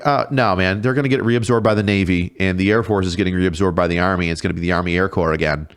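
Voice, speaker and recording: Podcast guest, male, 30s, lower voice, swearing storyteller who acts out the people in his stories. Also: fairly even intonation, fast, hardly any pauses, clean tone. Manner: profane, laughing storyteller, acts out quoted voices. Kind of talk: casual storytelling chat.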